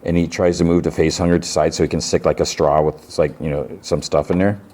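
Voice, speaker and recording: A man's voice: rumbling low, fairly even intonation, fast, a little mellow. A man hosting a podcast, loosely recapping TV episodes with lots of fillers and restarts. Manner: rambling, many fillers and restarts. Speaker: podcast host.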